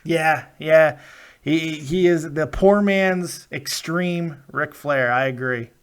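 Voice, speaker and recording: A man's voice: a little high, slow pace, clean tone. A man hosting a live call-in wrestling review show, chatting casually with callers, emphatic and playful, swearing freely.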